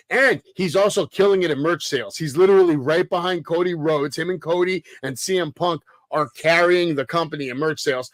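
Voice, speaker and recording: A man's voice: a little high, a bit bright, dry recording. A man co-hosting a casual wrestling podcast, hyping matches, swearing and firing rhetorical questions at his partner. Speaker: podcast co-host.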